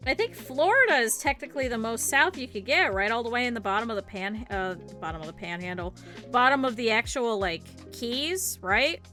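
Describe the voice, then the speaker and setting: A woman's voice: fairly high pitch, expressive, fairly quick, bright, forceful tone, faint music behind. A young woman with a Midwestern accent chatting casually and rambling as she streams her needle-felting craft. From northern Ohio, US. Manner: rambling, chatty, thinks aloud. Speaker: VTuber streamer. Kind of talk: casual chat while crafting.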